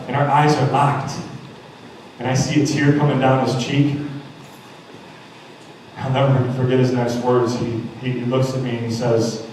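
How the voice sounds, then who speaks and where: A man's voice: mid-range voice, little pitch movement, moderate pace, long pauses, darkish tone, a little hiss or hum. Man telling stories at a school assembly. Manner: storytelling, acting out quotes, emphatic. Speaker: motivational speaker. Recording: echoey hall heard from far off.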